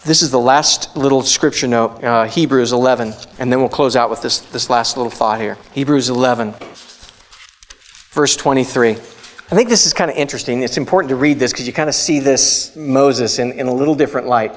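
A middle-aged man preaching a casual, conversational sermon as a pastor, animated and jumping into excited voices when he quotes people. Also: mid-range voice, fairly quick.

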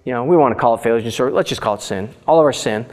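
A man's voice: medium pitch, racing. A male pastor preaching a sermon, reading scripture aloud and breaking in with loose, conversational asides. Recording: reverberant hall.

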